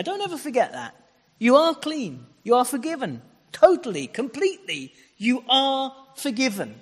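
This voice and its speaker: Male preacher, high and very lively delivery, emphatic repetition, long hall reverb. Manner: emphatic, repeating key phrases, rising and falling sharply. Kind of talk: sermon.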